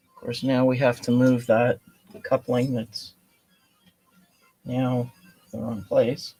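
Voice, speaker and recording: A man's voice: medium pitch, little pitch movement, slow pace, mellow, breathy edge, faint music behind. A man casually thinking aloud while assembling a kit, muttering to himself with self-deprecating asides. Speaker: kit builder streaming a build.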